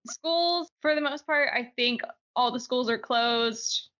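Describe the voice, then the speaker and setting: Bright-voiced woman with a slight Southern accent. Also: fairly high pitch, slow pace. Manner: chatty, laughs often, opinionated. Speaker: podcast co-host. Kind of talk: casual news chat. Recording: dull lo-fi podcast audio.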